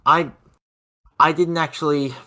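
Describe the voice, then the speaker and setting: A man playing in a tabletop game, animated as he explains his moves. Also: a little high, a little slow. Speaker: player.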